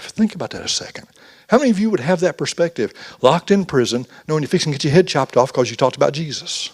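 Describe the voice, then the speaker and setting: A man's voice: on the high side, darkish tone, breathy edge. A man giving a folksy, conversational youth sermon, acting out quotes as he goes. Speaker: youth pastor.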